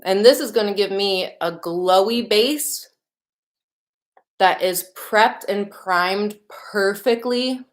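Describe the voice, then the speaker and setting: A woman's voice: medium pitch, slow pace. A young woman with a Chicago accent, a makeup artist chatting bubbly and casually as she hosts a livestream. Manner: bubbly and chatty, greets viewers by place. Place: home studio in Los Angeles.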